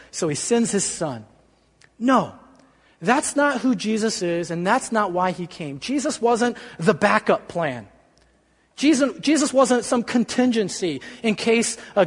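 A man preaching a sermon in a lively, conversational way, with joking asides. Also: very high-pitched, long reverb tail. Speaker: pastor.

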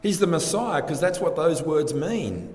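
Slow-paced preacher in an echoing hall. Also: male voice, a little high, animated, a little mellow. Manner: slow, deliberate preaching with rhetorical questions. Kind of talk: sermon. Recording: echoey hall with long reverb.

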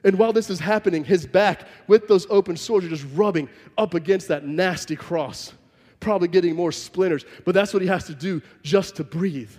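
A man's voice: high-pitched, moderate pace, a little mellow. A man preaching a sermon, telling the story vividly and emphatically and acting out the scenes. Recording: long reverb from a large hall.

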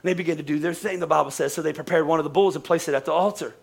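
A man, a pastor preaching a lively, joking sermon in a church service, repeating phrases for emphasis. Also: fairly high pitch, racing, gravelly, breathy edge.

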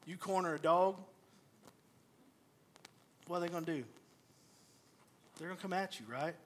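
A middle-aged man, a pastor giving a sermon and telling stories with lively, acted-out asides. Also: high-pitched, a little slow. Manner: storytelling, animated, acts out quoted voices.

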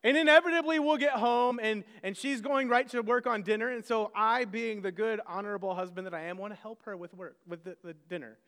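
A man's voice: sits high, steady tone, a little fast, hardly any pauses, a bit bright, clear, resonant tone, long reverb tail. A man, a pastor, preaching a sermon conversationally, with self-deprecating asides to the congregation.

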